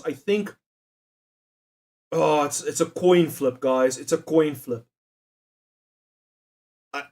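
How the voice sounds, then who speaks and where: Joking, foul-mouthed streamer man. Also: high-pitched. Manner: profane, joking, laughs often, talks to chat. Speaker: live streamer. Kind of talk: casual live-stream chat while doing a quiz.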